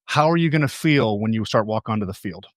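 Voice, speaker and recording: A man's voice: fairly low pitch, expressive, fast, dry recording, clean studio sound. A man giving a motivational stage talk as a coach. He tells stories, asks the audience questions and repeats key phrases for emphasis.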